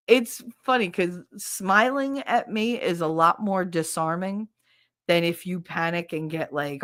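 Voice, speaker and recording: A woman's voice: on the low side, a little slow, dry recording, studio quality. A woman with a son, hosting a stream and chatting casually and bluntly, swearing often and laughing a lot, on a desk mic on an arm. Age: adult with a son. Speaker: streamer and podcast host. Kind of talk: casual chat with live chat. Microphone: desk mic on a standing arm.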